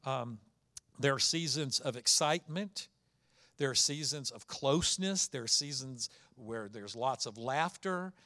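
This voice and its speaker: Pastor guy preaching, chatty stories, punchy emphasis, bright voice. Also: medium pitch, expressive, unhurried. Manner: conversational, storytelling with dynamic emphasis. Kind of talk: sermon.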